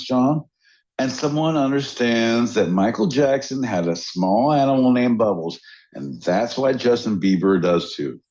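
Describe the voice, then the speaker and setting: A man's voice: medium pitch, a little mellow, highs cut off. A man talking casually on a podcast, with profane joking asides.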